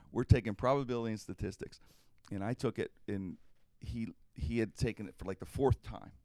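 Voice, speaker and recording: A man's voice: mid-range voice, gravelly, no echo. A middle-aged man hosting a podcast, telling a casual anecdote animatedly and laughing often. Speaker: podcast host. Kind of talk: casual storytelling.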